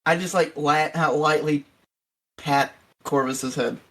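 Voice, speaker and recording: A man playing a tabletop game, explaining his actions in a halting, hesitant way. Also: fairly high pitch, steady tone, a bit bright. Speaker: player. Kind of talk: casual table talk.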